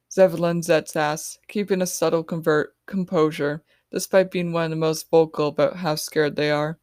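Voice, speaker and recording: A woman's voice: deep voice, fairly even intonation, moderate pace, hardly any pauses, a little mellow, no echo, clean studio sound. A woman author reading her own novel in the first person on her podcast.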